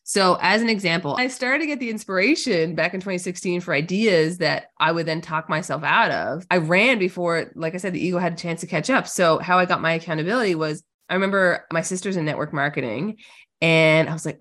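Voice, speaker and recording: A woman coach with a lowish voice talks through a podcast interview. She is upbeat and casual, full of "like" and "just do it". Her delivery is animated and chatty. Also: a little fast. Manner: energetic, casual, lots of "like", animated storytelling.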